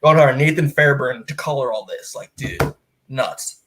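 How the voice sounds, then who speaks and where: A man of middle pitch talks through a comic book story for a podcast. He rambles loosely, leaning on fillers and restarts, and slips into quick quoted lines as he retells each scene. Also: noisy background. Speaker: podcast co-host. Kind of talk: casual comic book review chat.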